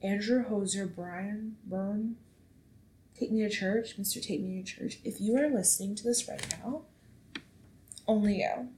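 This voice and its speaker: A woman in her twenties hosting a casual solo podcast, chatty and animated, swearing freely as she tells stories. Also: medium pitch, a little slow, slight background noise. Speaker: podcast host. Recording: echoey room.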